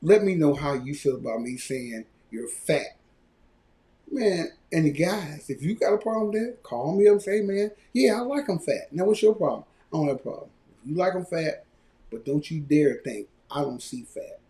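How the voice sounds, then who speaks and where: A man rants on his live podcast, his pitch sitting a little high and swinging widely. He talks loudly and with mocking energy, breaking into put-on voices to make fun of people. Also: moderate pace. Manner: loud, animated ranting with mocking quoted voices. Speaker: podcast host.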